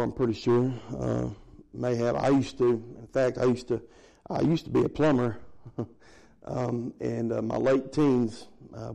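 A man's voice: medium pitch, gravelly, darkish tone, low-quality recording. A middle-aged man preaching a sermon in a folksy, conversational way, chuckling between points. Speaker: pastor.

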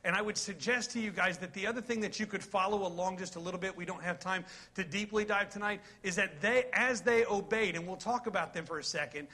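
Animated, bright-voiced preacher man in his forties. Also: high voice, fast talker, few pauses. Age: 40s. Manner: animated, folksy, reads scripture aloud and jokes with the congregation. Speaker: pastor. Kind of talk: sermon.

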